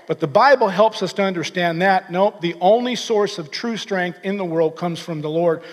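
A pastor preaching a sermon in an earnest, energetic way, often restarting his words. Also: high voice, normal speed, big-room sound.

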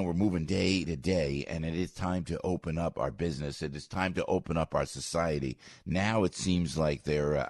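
Older New man, husky low voice, rambling excitable morning radio host, dry studio mic. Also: dry recording. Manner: rambling, excitable, self-interrupting, with sudden high squeaks. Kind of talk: animated talk radio monologue. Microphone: studio microphone.

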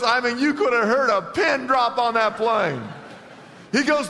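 A man pastor preaching a sermon emphatically, with big swings in pitch and loudness, in a church. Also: expressive, normal speed, long reverb tail.

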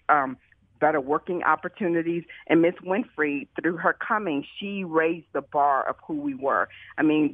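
A woman tells her stories with excited, animated energy and keeps acting out what others said. She comes through a thin phone-like line that sounds dry and close. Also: low-pitched, no echo. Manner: excited, animated storytelling with quoted dialogue. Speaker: food pantry founder. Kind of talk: storytelling in an interview.

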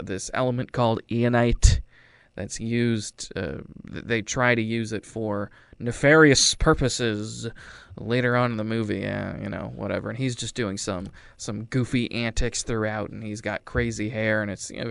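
A man's voice: fairly low pitch, measured pace, vocal fry, smooth, no echo. A man casually retelling a movie's plot, rambling and wry, acting out lines in silly voices. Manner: rambling, wry, acts out quotes. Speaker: movie reviewer. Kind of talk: casual chat.

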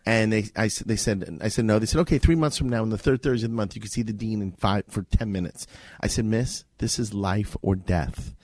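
A man's voice: fairly low pitch, fairly quick, dry recording. A man from Miami, a guest in a radio interview, telling a story animatedly and acting out the voices in it, recorded in an office. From Miami, USA. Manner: lively storyteller, acts out quoted voices. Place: office with a gathering.

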